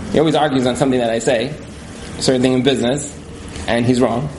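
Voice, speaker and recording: A man's voice: medium pitch, fairly even intonation, fast talker. A man telling stories to a live audience in a casual, chuckling way, filling his talk with fillers. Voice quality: frequent fillers and chuckles, conversational. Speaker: speaker at a community event. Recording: echoey room, faint background noise.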